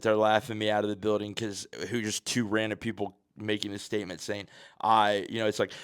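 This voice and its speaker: A man's voice: on the low side, fairly bright tone, smooth, no echo, clean studio sound. A man hosting a podcast, telling a story in a casual, profane, slang-heavy way. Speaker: podcast host.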